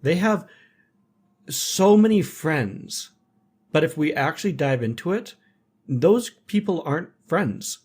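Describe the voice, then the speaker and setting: A man in casual conversation, speaking reflectively in measured, philosophical statements. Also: a little high, animated, darkish tone, husky. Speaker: podcast guest.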